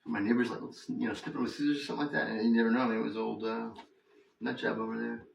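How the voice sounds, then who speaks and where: A man's voice: mid-range voice, flat delivery, racing, creaky, reverberant, distant mic, slight background noise, poor audio. A man vlogging in a loose, rambling monologue, full of fillers and laughs. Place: house with the door open.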